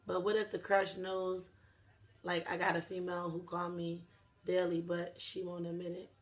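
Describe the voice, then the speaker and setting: A woman's voice: on the low side, completely flat delivery, normal speed. A young adult woman hosting a casual talk stream, speaking bluntly and swearing freely as she addresses her viewers directly. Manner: blunt, profane, talks straight to viewers. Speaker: host.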